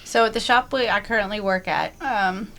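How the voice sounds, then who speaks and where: A woman's voice: mid-range voice, moderate pace, bright, forceful tone. A woman guest in an interview, talking frankly and bluntly about her life and work, laughing easily between thoughts. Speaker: podcast guest. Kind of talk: candid interview talk.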